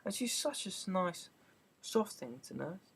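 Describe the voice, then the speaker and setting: A man's voice: high voice, big pitch swings, measured pace, vocal fry, husky, full character voice. A man voicing a curious, chatty young girl who talks in an eager, prim and rambling way in an amateur audiobook reading.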